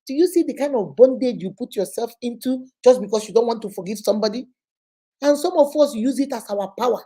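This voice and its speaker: A woman's voice: fairly high pitch, fast talker, warm tone. A woman hosting a casual live stream, giving emphatic marriage advice and greeting viewers by name. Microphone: phone.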